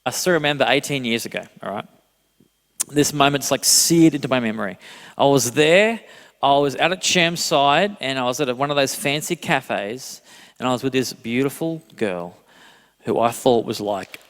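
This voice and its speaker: A man in his thirties preaching a sermon as a pastor, telling a self-deprecating story with animated delivery and frequent laughter. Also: mid-range voice, moderate pace. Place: church hall. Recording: long hall reverb.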